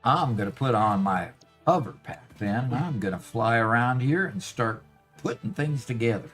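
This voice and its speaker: A man hosting a game stream in casual, wry chat. His pitch swings lively up and down as he talks, and he sounds relaxed and easygoing. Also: moderate pace, faint music behind. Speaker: streamer host.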